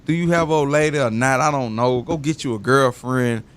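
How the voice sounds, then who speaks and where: A man talking casually as a guest, telling loose, animated stories full of slang. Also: mid-range voice, normal speed, smooth. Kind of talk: casual interview talk.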